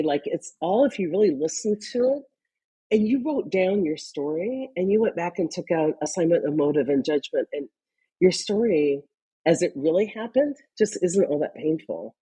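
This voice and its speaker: A woman guest on a podcast interview who talks in animated, example-driven stories. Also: fairly low pitch, normal speed, husky. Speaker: guest, leadership consultant.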